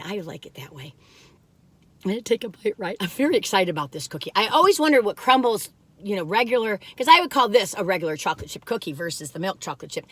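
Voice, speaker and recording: A woman's voice: fairly high pitch, fairly bright tone, no echo. A woman in her sixties, chatting casually in a taste-test vlog and giggling and exclaiming over the food. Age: 60s. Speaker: food reviewer.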